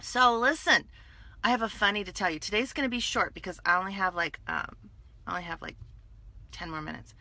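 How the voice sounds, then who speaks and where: Bright, playful woman on a livestream. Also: mid-range voice, brisk. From California. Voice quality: animated, playful, greets viewers by name. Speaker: livestream host selling skincare. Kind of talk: casual Facebook Live chat.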